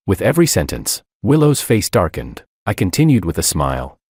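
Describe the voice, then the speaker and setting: Deep male narrator for a drama story, lively pitch, dry close sound. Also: fairly quick, hardly any pauses, slightly rough, no echo. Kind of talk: first-person story narration.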